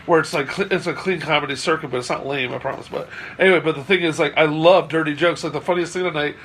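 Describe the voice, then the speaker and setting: Hesitant male interviewer, slightly high voice. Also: quick pace, a bit bright, slight background noise. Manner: hesitant, filler-heavy questions. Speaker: host. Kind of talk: casual interview chat.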